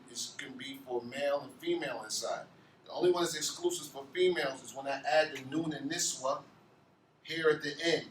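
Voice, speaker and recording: A man with a fairly high voice teaches an Arabic grammar class, posing questions to his students and then answering them himself. He's off-mic in an echoey room, with faint ambience and a little hiss or hum.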